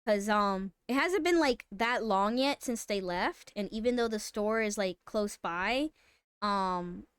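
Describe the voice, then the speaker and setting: A woman streamer telling a story in casual live-stream chat, animated and swearing freely. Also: medium pitch, takes it slowly, clean tone, no echo, studio quality.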